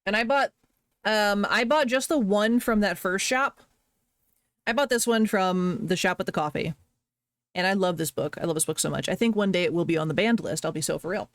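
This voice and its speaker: A woman's voice: medium pitch, fairly quick, no room sound, studio quality. A woman streamer chatting casually, rambling and gushing over the little things she enjoyed. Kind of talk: casual chat on a live stream.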